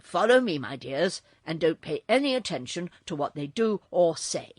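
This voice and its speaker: A woman reading a storybook, voicing a shaggy, protective man who calls out loudly. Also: lowish voice, sing-song, normal speed, slightly rough, dry recording, studio quality. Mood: low urgent. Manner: calling out loud.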